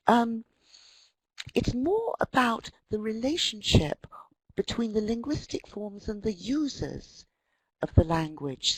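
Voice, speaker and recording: A woman presents an online talk on language with a husky, breathy edge to her voice. Her pitch rises and falls in a lively way as she tells anecdotes and puts on the voices of the people she quotes. The sound is close and dry. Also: no room sound, poor audio. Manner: lively storytelling, acts out quotes. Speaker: webinar presenter.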